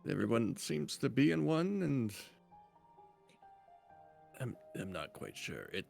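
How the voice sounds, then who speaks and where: A man playing a thoughtful male dwarf druid in a tabletop game, measured and formal. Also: mid-range voice, sing-song, gravelly, a little mellow, faint music behind, heavily acted. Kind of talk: tabletop role-play.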